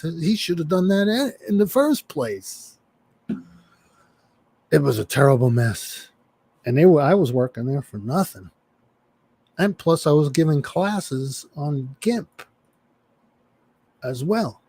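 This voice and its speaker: A man telling a story in casual chat, swearing freely and animated. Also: medium pitch, breathy edge. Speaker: chat participant.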